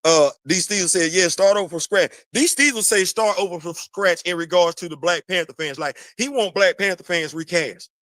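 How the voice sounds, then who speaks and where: High-pitched guy ranting on his show, aave, repeats himself a lot, dry close mic. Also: normal speed, few pauses, no echo. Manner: animated, preachy, repeats phrases, talks to chat. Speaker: podcast host. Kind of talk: casual commentary monologue.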